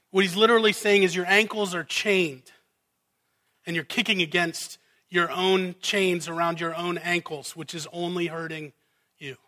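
A man preaching a sermon, rising to loud emphatic peaks and dropping to quiet, intimate asides. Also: high-pitched, steady tone, moderate pace.

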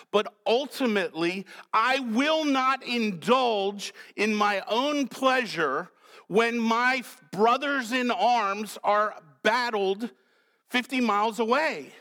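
Man doing an honorable soldier, earnest, steady, slow, bright voice. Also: high voice, voice pushed up, full character voice. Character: honorable loyal male soldier.

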